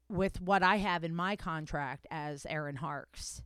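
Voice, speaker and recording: A woman's voice: low-pitched, unhurried, few pauses, fairly bright tone, smooth, no room sound. A woman hosting a podcast, telling a story in casual chat, swearing freely and correcting herself as she goes. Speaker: podcast host.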